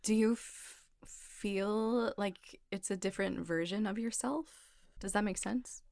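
A woman's voice: medium pitch, fairly even intonation, slow pace, vocal fry, a little mellow, dry recording, studio quality. A woman interviewing a guest, supportive and asking questions in a casual way. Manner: supportive, asks questions with many "like" fillers.

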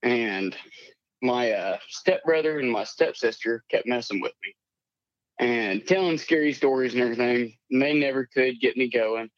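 A man's voice: medium pitch, moderate pace, no room sound. Guy in his late 20s on a muffled dry call line, rambling through his story, swears casually. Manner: rambling, plainspoken storytelling with profanity. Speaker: caller. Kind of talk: telling a personal encounter story. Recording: dull, lo-fi call audio.

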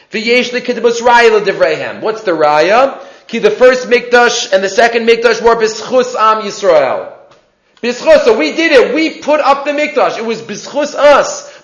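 A man's voice: high-pitched, roomy sound, muffled recording. A man teaching a class in a conversational lecturing way, asking rhetorical questions.

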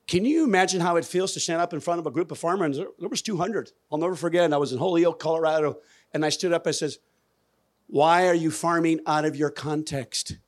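On a conference stage, a man with a voice pitched a touch above average speaks into a microphone about regenerative farming. His delivery is folksy and emphatic, and he repeatedly poses questions to the crowd in this lively presentation.

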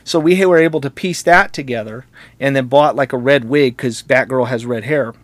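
A man of middle pitch swaps stories in an easygoing chat, wandering off on tangents and cracking small jokes. His voice sounds close and dry, with no room around it. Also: moderate pace, dry recording. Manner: jokey, rambling, laughs at his own stories. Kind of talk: casual conversational storytelling.

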